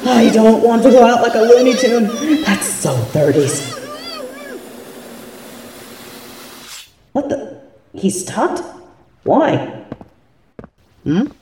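A woman's voice: fairly high pitch, animated, takes it slowly, pauses often, mellow, slight background noise. A woman voicing a cocky, mean female bunny villain who taunts and swears in an audio role-play. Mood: panicked. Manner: taunting, mocking, swears a lot.

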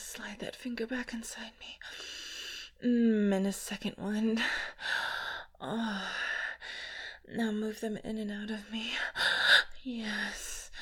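A woman performing a whispered role-play in an intimate, coaxing way, with soft laughs. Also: fairly high pitch, slightly rough.

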